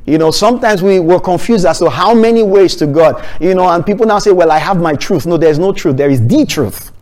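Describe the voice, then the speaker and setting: Male pastor, fairly high voice; emphatic, repetitive sermon delivery with restarts. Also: fairly quick, darkish tone.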